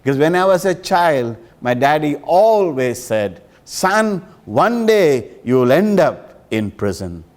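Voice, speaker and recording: A man's voice: a little high, very animated, slow pace, hardly any pauses. A man voicing a tearful, regretful male prison inmate who speaks sorrowfully. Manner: sorrowful, plain.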